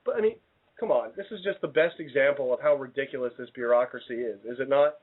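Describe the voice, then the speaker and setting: A man's voice: medium pitch, fast. A man hosting a comedy radio show, rambling with stumbling restarts and mock indignation. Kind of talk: casual comedic radio banter. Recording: tinny phone-like radio sound.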